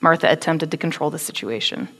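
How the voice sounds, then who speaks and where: A woman giving a conversational, animated sermon, acting out quotes with attitude. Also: sits low, fast talker, big-room sound. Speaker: preacher.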